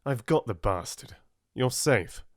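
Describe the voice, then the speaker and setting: A young prince, urgent and fierce in his protectiveness, as a male narrator puts him on. His voice is lively and rises sharply when alarmed. It is recorded dry and close. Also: mid-range voice, slow pace, dry recording, pitched above the performer's own voice. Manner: urgent, forceful. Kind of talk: audiobook character voice.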